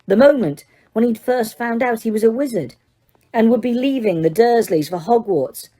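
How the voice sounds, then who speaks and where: Mellow-voiced woman narrating an audiobook. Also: on the high side, moderate pace. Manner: steady, dramatic storytelling. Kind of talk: scripted narration.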